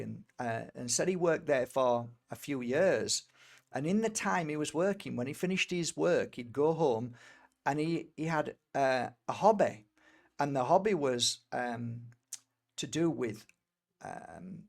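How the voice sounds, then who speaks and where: Here a middle-aged energy healer and tarot reader from Britain recounts something personal in a gravelly mid-range voice. The story rambles, with many fillers and restarts along the way.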